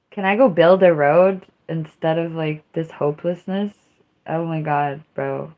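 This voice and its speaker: A woman with a low-pitched voice talks on a casual livestream. She rambles from thought to thought, mocking herself and breaking into dramatic exclamations. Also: fairly even intonation, measured pace, phone-quality sound.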